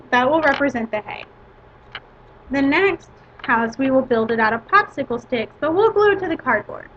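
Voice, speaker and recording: Woman teacher, high voice, measured step-by-step lesson, dull lo-fi recording. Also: a bit bright. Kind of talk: lesson to a class. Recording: dull lo-fi recording with faint hiss.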